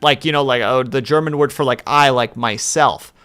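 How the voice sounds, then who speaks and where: A man's voice: mid-range voice, normal speed, a bit bright, smooth. A male streamer chatting casually while drawing, telling rambling stories and teasing his viewers. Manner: rambling anecdotal storytelling; playful teasing.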